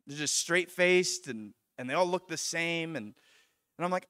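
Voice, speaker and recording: A young man gives a sermon through a personal story, his voice bright and forward. He tells it with animation, stumbling and restarting as he goes. The sound is dry and close. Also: on the high side, animated, normal speed, clear, resonant tone, no room sound. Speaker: preacher.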